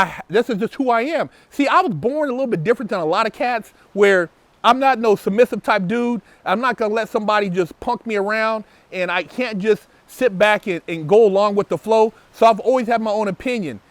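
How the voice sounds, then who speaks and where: In a dry recording, a man with a high-pitched voice hosts a show and fires back at viewer comments. His casual monologue is emphatic and opinionated, with words repeated whenever he's fired up.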